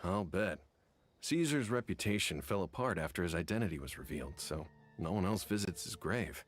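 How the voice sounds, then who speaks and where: A deep, wistful townsman. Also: animated. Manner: gentle, regretful and measured. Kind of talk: game voice acting.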